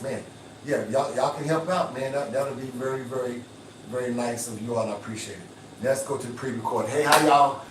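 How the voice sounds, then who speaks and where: A man's voice: mid-range voice, recorded from a distance, slight background noise. An older man hosting a casual livestream, boastful and hustling, with a preachy streak. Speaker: livestream host. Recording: echoey room, off-mic.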